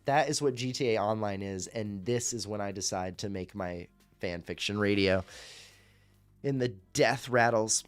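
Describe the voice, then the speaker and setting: A man's voice: on the low side, normal speed, clear, resonant tone, no echo, faint music behind. A man hosting a fan radio show, chatting casually on a livestream in a rambling, profane and jokey way.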